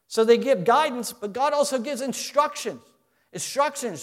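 High-voiced animated male preacher. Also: moderate pace. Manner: animated, swings from quiet to loud; asks the audience questions. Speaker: pastor. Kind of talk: sermon.

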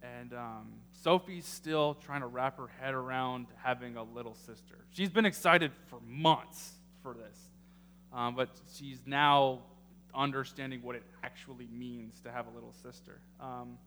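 A man preaching a sermon as pastor, halting with many ums and emotional at times. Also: medium pitch, a bit bright. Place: church sanctuary. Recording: echoey hall with faint noise.

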